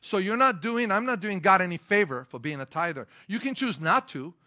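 A middle-aged male pastor preaching with a bright, forceful edge to his fairly high voice. He drives points home with sudden stressed lines, then drops into easygoing storytelling asides. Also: lively intonation, brisk. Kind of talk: sermon.

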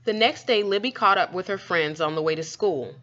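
A woman reading a children's story aloud with expressive, lively storytelling. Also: on the low side, a little fast. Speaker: storybook reader. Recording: dull lo-fi recording.

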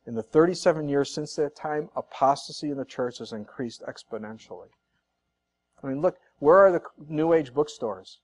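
A man's voice: mid-range voice, expressive, normal speed, darkish tone. A man preaching a sermon as pastor, earnest and conversational, repeating points for emphasis with casual asides.

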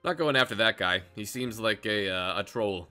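A man's voice: on the low side, animated, normal speed, sharp tone. A young man giving casual, chatty commentary over an online game, with frustrated asides and stumbling restarts. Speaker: gameplay commentator. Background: faint intro music.

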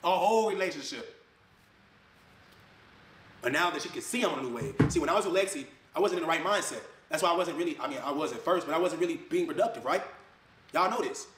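Man, high fast voice, heated rant, echoey room. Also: animated, a little hiss or hum. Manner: fired up, swings between loud jabs and low mutters, mocks others' voices. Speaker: online video creator.

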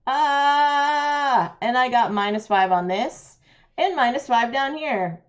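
A woman's voice: sits high, slow, dull audio. A woman, chatting with viewers while playing a roll-and-write game on a live stream, laughing often.

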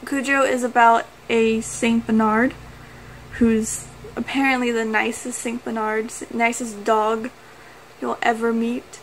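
A woman's voice: a little high, little pitch movement, unhurried, slight background noise, low-quality recording. A woman vlogger chatting casually and enthusiastically, gushing and laughing often. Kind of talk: casual movie-review chat.

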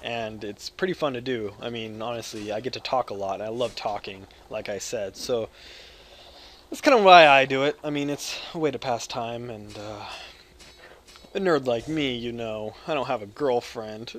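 Rambling gamer guy from the States, mid pitch, crude jokes, shouts then mutters, faint hiss behind. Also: normal speed. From United States. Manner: loud, jokey, crude, swings between yelling and mumbling. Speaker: gaming video creator. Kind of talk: rambling live gameplay commentary.

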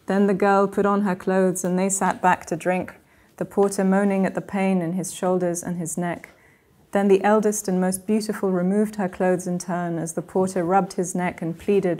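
A woman reading a translated old tale aloud at a university workshop, with a measured, even delivery. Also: lowish voice. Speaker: reader of her own translation.

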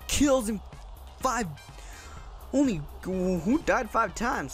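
A young man hosting his own gaming channel, giving excitable, casual commentary over his gameplay, often repeating his exclamations. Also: fairly high pitch, normal speed, soft background music.

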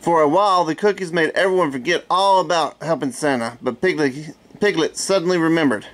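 A man's voice: a little high, fairly quick. Middle-aged man reading a storybook aloud. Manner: relaxed, with chatty asides.

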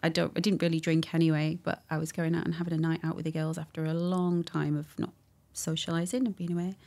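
Woman, lowish gravelly voice, candid laughing storyteller. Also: quick pace. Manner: warm, laughing, animated retelling with quoted dialogue. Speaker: guest.

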